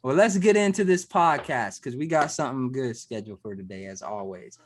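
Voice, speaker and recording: A man's voice: mid-range voice, a little fast, a little hiss or hum. A man hosting a podcast, arguing his point insistently and repeating himself in casual chat. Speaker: podcast host.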